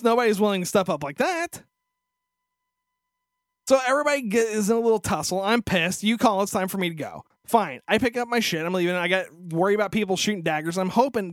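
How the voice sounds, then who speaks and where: A man's voice: high-pitched, quick pace, no room sound, clean studio sound. Foul-mouthed man ranting on a podcast. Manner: profane, crude, sarcastic ranting. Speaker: podcast host. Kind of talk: casual ranting storytelling. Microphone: studio microphone.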